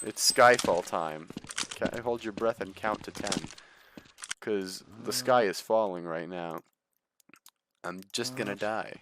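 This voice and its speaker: A young man giving jokey, excitable commentary while playing a video game, talking back at the enemies on screen. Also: on the low side, takes it slowly, long pauses, noisy background. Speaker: gaming YouTuber. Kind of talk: let's play commentary. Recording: loud game music over voice.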